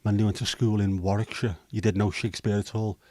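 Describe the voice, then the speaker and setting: A Liverpool-born livestream host with a fairly low, mellow voice chats casually through viewer comments. He talks fast with little pitch movement, his banter rambling and hesitant with the occasional swear, and there's no echo.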